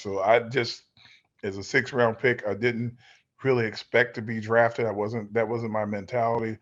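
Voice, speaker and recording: A middle-aged man and former football player, telling stories as a guest in a relaxed interview, rambling and acting out the voices of people he quotes. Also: lowish voice, normal speed, dull audio. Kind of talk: storytelling in a casual interview. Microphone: video call.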